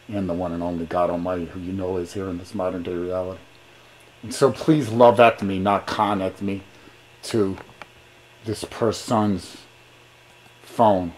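On a phone call, a man with a fairly low, darkish voice delivers a sing-song, sermon-like patter full of rhymes. He's pushy and grandiose, stringing rhymes into long run-on sentences, and there's a little hiss or hum on the line.

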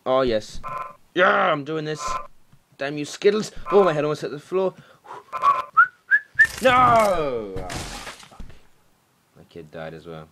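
A young man doing let's play commentary, excitable and swearing, shouting at the game. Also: fairly high pitch, slow, long pauses, heavy background noise. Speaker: gaming commentator.

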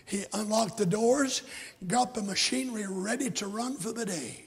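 Raspy older man preaching in an echoey hall. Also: high-pitched, moderate pace. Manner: fervent storytelling preaching, swinging from shouts to whispers. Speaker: pastor. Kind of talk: sermon.

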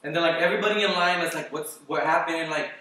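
A man vlogger telling a story casually in a rambling, animated way, with constant "like" fillers and swearing. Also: on the high side, fast. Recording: very echoey room, voice far from the mic.

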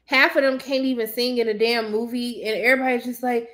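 A young woman chatting casually to her viewers, blunt and sassy, ranting with animated emphasis. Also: on the high side, fairly quick. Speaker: movie commentator.

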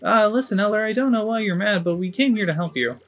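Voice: medium pitch, fast, fairly bright tone, soft background music, pitched above the performer's own voice. A game streamer voicing an earnest, eager young tiny creature who pleads and protests.

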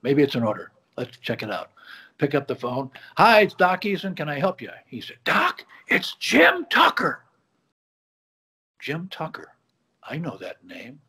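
Man telling an animated story. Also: mid-range voice, normal speed, slightly rough. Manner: animated, acts out quoted dialogue. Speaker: guest, bar magician. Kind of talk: conversational storytelling. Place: home office. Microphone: video call.

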